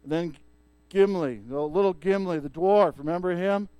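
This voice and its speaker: A male pastor preaching a sermon and retelling a story in a lively way, with frequent restarts. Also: high-pitched, moderate pace, clear, resonant tone, no echo.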